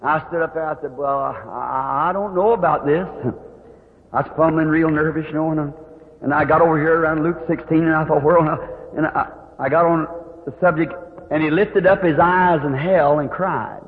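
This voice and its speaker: Preacher man telling a story, high voice, lively, old tinny hall tape with long echo. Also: fairly quick. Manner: folksy, animated, acts out quoted voices. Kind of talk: sermon storytelling.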